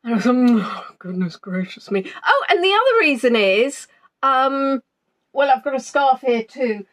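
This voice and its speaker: Before an online tour, a woman chats casually on a live stream from her home's spare room, greeting viewers by name and saying um a lot. Her voice sits high and fairly bright, expressive, at a moderate pace.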